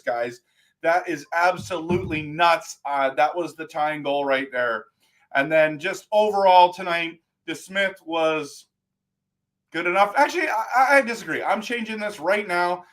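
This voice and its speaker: A man hosting a live post-game stream, ranting in an animated, exasperated way about a hockey game. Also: sits high, moderate pace. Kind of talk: post-game fan talk.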